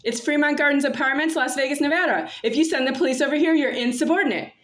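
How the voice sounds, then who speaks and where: Brief: woman, somewhat high voice, solo vlog, repetitive confrontational monologue. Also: fast talker, fairly bright tone. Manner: repetitive, confrontational, addresses an unseen "you". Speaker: vlogger. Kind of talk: rambling monologue to camera.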